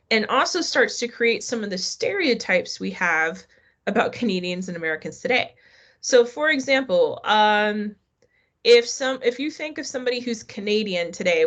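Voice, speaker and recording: A woman's voice: medium pitch, fairly bright tone. Woman teacher chatting through a lecture. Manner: conversational, asks the class questions. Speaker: history teacher. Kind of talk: live online class lecture.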